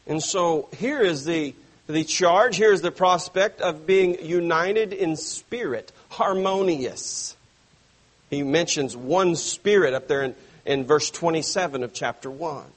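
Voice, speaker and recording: A male pastor delivers an evening sermon at an unhurried, deliberate pace. His voice is a little husky and sits somewhat high for a man. He presses hard on key words, then lets whole phrases sink soft. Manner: emphatic preaching with slow stressed phrases and sudden soft drops. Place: church.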